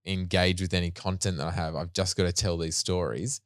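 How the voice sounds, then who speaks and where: A man with a very deep, resonant voice chats casually as a podcast co-host. He tells stories at an easy pace. His voice sounds dry and close to the mic. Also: brisk, dry recording. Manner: relaxed storyteller, acts out quoted voices. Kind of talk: casual chat.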